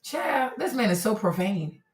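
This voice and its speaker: A woman's voice: mid-range voice, very animated, a little slow, a little hiss or hum. Blunt, emphatic female stream host reacting to clips; echoey room sound. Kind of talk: casual commentary on clips.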